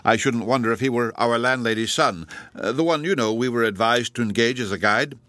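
A man voicing an eager, hearty gentleman uncle in an audiobook, brisk and cheerful. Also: medium pitch, no echo, natural voice.

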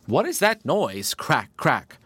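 A man voicing a sly, deceitful male badger in a storybook tale, pleading gently and later jeering. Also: a little high, big pitch swings, slow, breathy edge, no echo, voice pushed up, heavily acted. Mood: wary. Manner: pleading, then mocking.

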